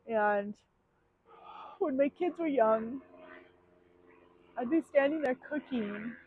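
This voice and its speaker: A woman's voice: high voice, slow, breathy edge, no echo. A woman in her thirties opens up in a personal confessional vlog, talking candidly and emotionally with plenty of ums and likes. Her voice comes through thin and tinny, like a phone line. The sound is dry, with no room around it. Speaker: vlogger.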